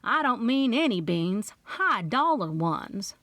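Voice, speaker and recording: A woman voicing a brassy, nosy older aunt with a slow drawl in an audiobook. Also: medium pitch, big pitch swings, a bit bright, no echo. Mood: gossipy. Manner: drawling, bossy and gossipy. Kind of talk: audiobook character voice.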